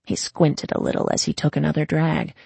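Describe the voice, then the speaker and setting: An audiobook narrator giving a dramatic, lively scripted reading of a story. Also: mid-range voice, a little fast, creaky, breathy edge, no room sound.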